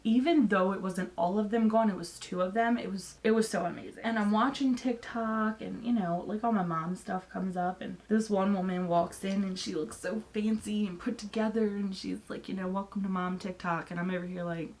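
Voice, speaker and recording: A woman's voice: medium pitch, fairly even intonation, moderate pace, few pauses, a little mellow. A woman in her thirties, a mom and beauty vlogger, chatting candidly at home while doing her makeup, rambling and restarting often. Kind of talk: casual get-ready-with-me chat.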